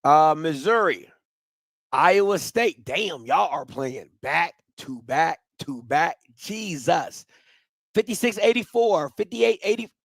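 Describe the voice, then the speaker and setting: A male sports-talk host reads out a team's schedule and reacts with loud exclamations. His voice is high and bounces all over. The recording sounds close and dry, with no room echo. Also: animated, slow, creaky. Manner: exclamatory, reacting aloud while reading out lists. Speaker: podcast host.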